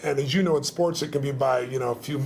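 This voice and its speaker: A middle-aged man being interviewed, talking in an emphatic, fast way and often restarting his sentences. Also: mid-range voice, a little mellow, a little hiss or hum. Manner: emphatic, fast, repeats words at starts. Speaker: guest, motivational speaker. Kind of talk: casual interview talk.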